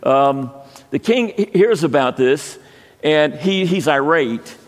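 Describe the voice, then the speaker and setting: Halting man preaching in a reverberant hall. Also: on the high side, animated. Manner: halting, restarts often, emotional personal story. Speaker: pastor. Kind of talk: sermon.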